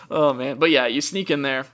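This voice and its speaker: A man's voice: medium pitch, a bit bright. A young man co-hosting a casual gaming chat, rambling, correcting himself mid-sentence and laughing often. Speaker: podcast co-host.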